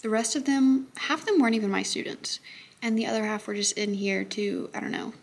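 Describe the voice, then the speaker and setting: A young woman teacher vlogging in her classroom, chatting casually and thinking out loud, often gushing. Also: mid-range voice, a little fast, vocal fry. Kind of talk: casual vlog chat. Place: school classroom.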